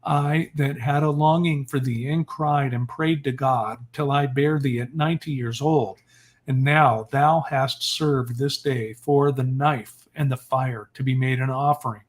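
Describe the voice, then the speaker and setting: A man's voice: mid-range voice, steady tone, a little slow, close to an everyday voice. A grieving old mother, read out by a man. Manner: mournful, lamenting, archaic speech. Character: grieving aged mother lamenting her son.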